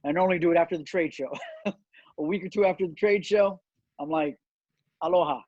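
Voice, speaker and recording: Middle-aged male guest, earnest and halting, somewhat higher voice, dry lo-fi sound. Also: a little mellow, no room sound. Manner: earnest storytelling with many fillers and restarts. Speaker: cigar company owner, guest. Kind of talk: casual interview chat. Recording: dull, dry lo-fi audio.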